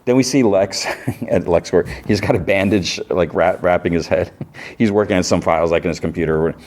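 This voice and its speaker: A man with a low, dark voice recaps a show in a relaxed, rambling way. He leans on fillers and restarts as he retells the plot. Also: normal speed. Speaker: podcast host. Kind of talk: casual episode recap.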